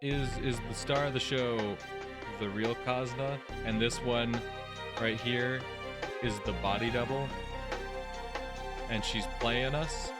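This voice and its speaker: A man's voice: mid-range voice, fairly even intonation, measured pace. A man hosting a let's play, reading visual novel text aloud and musing casually about the plot. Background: game music.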